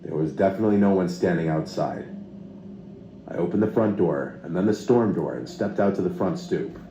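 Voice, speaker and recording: A man calmly narrating a true horror story in scripted style. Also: low voice, a little fast, dull audio, a little hiss or hum. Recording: echoey with loud music bed.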